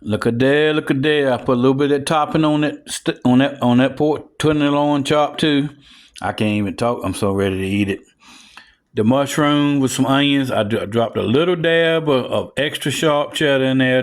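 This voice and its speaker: A man, casually narrating a home cooking video and chatting straight to viewers with excited whoops. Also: mid-range voice, normal speed. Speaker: home cook showing a recipe. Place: home kitchen.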